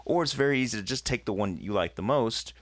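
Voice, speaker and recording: Very deep-voiced man, earnest podcast chat. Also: fast, dry recording. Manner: earnest, grows animated and laughs often. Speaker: podcast co-host at a church. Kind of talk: casual conversational podcast.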